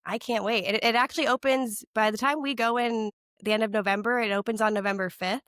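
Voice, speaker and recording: A woman's voice: on the high side, fairly even intonation, quick pace, fairly bright tone, no room sound, studio quality. A woman co-hosting a podcast while sick, her voice stuffy and nasal, rambling with lots of "like" and restarts. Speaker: podcast co-host. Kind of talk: casual chat.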